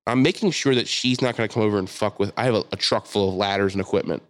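A man telling a long story in casual podcast chat, acting out the people in it with shouted lines. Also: lowish voice, fast. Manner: animated storyteller, mimics shouting voices. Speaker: podcast co-host.

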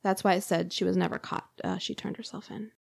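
A woman's voice: lowish voice, steady tone, fairly quick, vocal fry, darkish tone, no echo, clean studio sound. A woman hosting a podcast, recounting a true crime story in a casual, chatty way with frequent fillers. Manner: conversational, lots of "like" and fillers.

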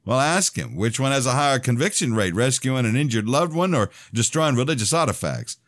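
A man playing a cold, controlling older preacher who speaks in a booming, stern way. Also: sing-song, fairly quick, a bit bright, dry recording, clean studio sound. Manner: stern, calculating.

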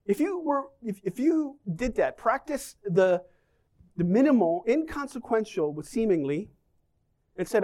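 A man's voice: sits high, animated, moderate pace, a little mellow. A man preaching a sermon, joking and asking the congregation questions as he talks. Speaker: pastor.

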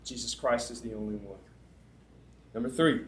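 A man preaching to a camp crowd, telling a comic story with dramatic pauses, laughs and sudden shouts. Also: medium pitch. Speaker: camp speaker. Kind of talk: storytelling sermon. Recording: echoey room, faint background noise.

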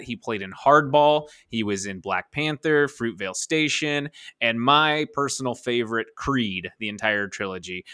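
A man's voice: on the low side, a bit bright, no echo, clean studio sound. A man in his thirties co-hosting a casual podcast, talking enthusiastically and rambling with frequent laughs. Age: 30s. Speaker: podcast co-host.

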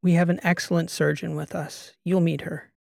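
A man voicing a calm, guarded female starship captain who speaks softly and in a measured way. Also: a little high, vocal fry, no echo, clean studio sound, pitched above the performer's own voice. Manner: soft, measured, quiet delivery.

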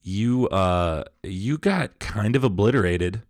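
A man hosts a casual pop culture podcast, upbeat, chatty and welcoming. His voice is lowish and expressive, his pace slow, recorded on a studio microphone.

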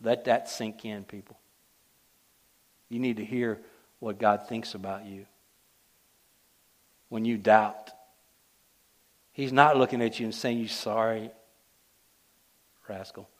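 A man preaching a sermon, driving points home and then dropping to a hush. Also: lowish voice, fairly even intonation, slow pace, long pauses. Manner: emphatic, swings between loud declarations and hushed asides.

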